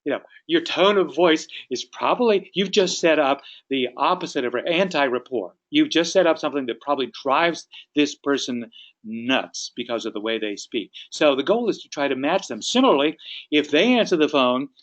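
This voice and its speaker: A real estate sales trainer leads a training session, explaining his points instructively and acting out sample phone calls. His voice is a little high and animated, at normal speed, in a rough recording.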